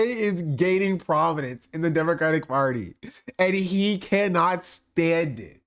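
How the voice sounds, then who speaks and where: A man's voice: high voice, animated, unhurried, a bit bright. A man streaming and reacting to a clip in casual commentary, full of fillers and laughter. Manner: laughing, filler-heavy, mocking.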